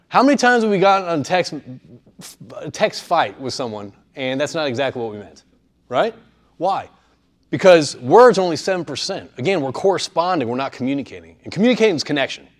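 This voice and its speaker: Guy talking to a room of students, kinda high voice, keeps asking "right? okay?". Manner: conversational, often checks in with the audience. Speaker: workshop speaker. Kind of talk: live presentation to students. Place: in front of an audience in a room.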